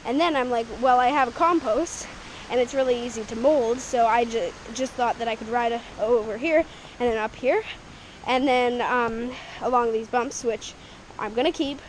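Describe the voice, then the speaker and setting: A chatty, rambling Canadian vlogger giggles often as she gives an action camera a casual walkthrough of the homemade dirt bike track in her backyard, outdoors. She speaks at normal speed with a steady tone in a voice on the high side, and the rough recording has a little hiss or hum.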